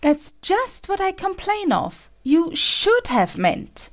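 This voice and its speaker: A woman's voice: very high voice, huge pitch swings, takes it slowly, exaggerated voice. A woman playing a stern, imperious Red Queen who scolds and lectures sharply in a full-cast audiobook. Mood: scolding.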